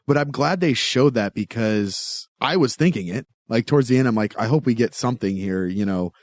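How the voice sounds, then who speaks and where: A man's voice: mid-range voice, expressive, fairly quick, no echo. A man co-hosting a podcast, chatting casually and joking around. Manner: jokey, puts on silly voices. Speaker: podcast co-host. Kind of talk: casual chat.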